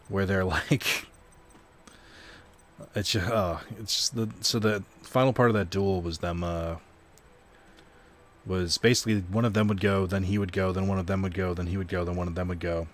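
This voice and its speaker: A man's voice: low-pitched, steady tone, normal speed, long pauses. A young man casually commenting on a card video game stream, rambling and self-deprecating, swearing now and then.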